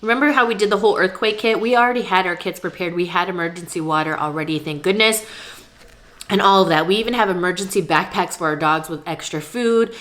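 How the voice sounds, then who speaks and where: A young woman chats to her camera at home in a relaxed vlog. She talks candidly and easily, pausing now and then for a bite of food. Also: fairly low pitch. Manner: chatty, candid, talks between bites of food. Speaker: vlogger. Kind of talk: casual vlog chat while eating. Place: at home, indoors.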